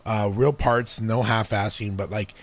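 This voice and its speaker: A man with a somewhat low voice chatting on a podcast. He jokes and throws in sarcastic asides as he talks through ideas with his co-host. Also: fairly even intonation, a little slow. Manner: joking, sarcastic. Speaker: podcast co-host and shop owner. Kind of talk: casual chat.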